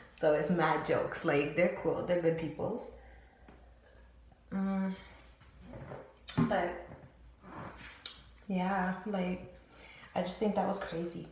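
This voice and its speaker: A young woman vlogger tells a story in loose, slangy chat full of "like" and swearing. Her voice sits a little low for a woman. It rings around a very echoey room over faint background noise. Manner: slangy, profane, animated retelling with lots of "like".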